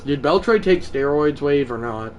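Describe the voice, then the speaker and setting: Excitable man calling his own ballgame. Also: on the high side, unhurried, slight background noise. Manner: excitable, swings from mumbled asides to shouted play calls. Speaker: gaming livestreamer. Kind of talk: live gameplay commentary.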